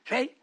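A man preaching a fiery sermon, scolding his listeners, shouting at times and dropping to hushed tones at others. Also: very high-pitched, creaky, breathy edge.

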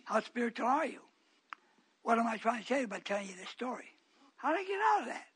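A man, likely older, preaching a storytelling sermon, swinging from quiet asides to shouted outbursts. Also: very high-pitched, sing-song, fast talker, slightly rough.

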